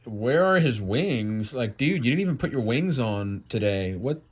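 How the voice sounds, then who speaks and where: A man's voice: mid-range voice, expressive, slightly rough. A man giving comedic, wry commentary on his own old comic. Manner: amused, wry, drawn-out asides. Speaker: vlogger.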